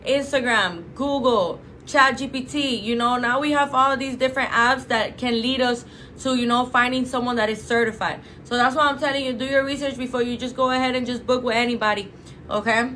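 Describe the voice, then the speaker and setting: A woman's voice: a little high, fairly even intonation, a little fast, bright, forceful tone, a little hiss or hum. A woman from a clinic talking casually and emphatically to viewers, full of fillers and "you guys.". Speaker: clinic representative. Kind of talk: casual promotional talk to camera.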